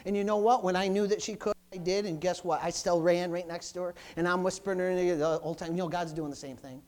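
Man, middle-aged, preacher, sermon, repetitive exclamations, loud-to-soft swings. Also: high-pitched, steady tone, fast.

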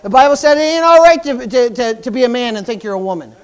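Fervent high-voiced male preacher. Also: expressive, fast, smooth. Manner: preaching fervently, frequent hallelujahs, repeats words. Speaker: pastor. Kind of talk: sermon. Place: church.

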